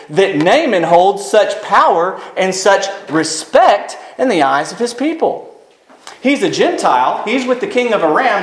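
Male pastor, sermon delivery, high and very lively voice, echoey room. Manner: animated preaching, reading scripture aloud with emphatic rises.

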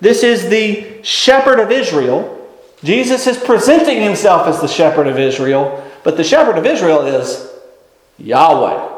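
A man preaching a sermon, teacherly and animated, with folksy asides. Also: high voice, roomy sound, poor audio.

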